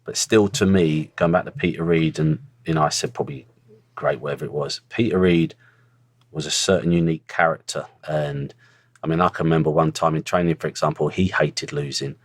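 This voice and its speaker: A man's voice: rumbling low, steady tone, brisk, dry recording. A middle-aged man, a former footballer telling stories in a blunt, earthy way as a podcast guest. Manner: blunt, earthy storytelling with swearing. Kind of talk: casual interview chat.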